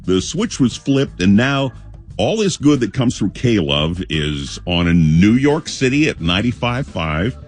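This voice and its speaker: A man's voice: on the low side, big pitch swings, a little slow, soft background music. A man co-hosting a radio show, playful and casual, laughing between lines. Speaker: radio host. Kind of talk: morning show banter.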